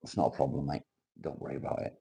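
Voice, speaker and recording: A bass voice that's gravelly, husky and mellow comes out rapid-fire and flat from this Cheshire man, whose accent combines northern English and South Welsh. Chatting casually on a livestream, he reads comments aloud, swears freely and greets viewers by name.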